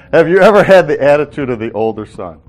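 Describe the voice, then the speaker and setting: A man's voice: a little high, darkish tone. Folksy man teaching a Bible passage. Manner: folksy, joking, acts out quotes. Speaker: Bible study leader.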